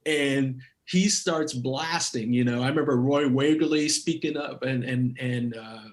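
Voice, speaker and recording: A middle-aged man, a former pro footballer, telling a story as a podcast guest, animated and laughing often. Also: mid-range voice, measured pace. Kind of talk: casual storytelling. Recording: roomy echoey sound.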